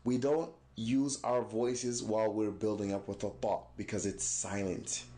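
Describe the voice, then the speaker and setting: Patient, slow-talking male recitation teacher. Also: fairly low pitch, fairly even intonation, dark tone. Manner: patient, demonstrates sounds slowly and repeats them; praises the learner after each try. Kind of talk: step-by-step pronunciation lesson.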